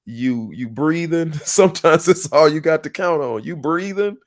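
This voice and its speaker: A man's voice: a little high, lively intonation, moderate pace. A man hosting a podcast in a casual monologue, earnest and motivational, telling stories with emphatic repetition. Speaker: podcast host.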